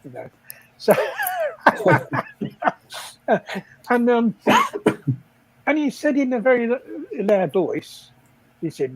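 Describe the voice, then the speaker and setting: A man's voice: very high voice, big pitch swings, slow pace, pauses often, a little mellow, dry recording, poor audio. An older man, telling rambling stories in casual chat on a livestream, often laughing and acting out the people he quotes. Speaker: livestream guest storyteller.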